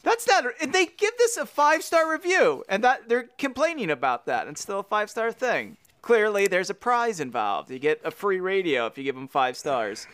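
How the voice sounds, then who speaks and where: A man co-hosting a comedy podcast, joking around with playful banter and mock sales pitches. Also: very animated, normal speed, hardly any pauses, fairly bright tone, smooth. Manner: playful, slips into mock salesman voice, tries silly voices. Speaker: podcast co-host.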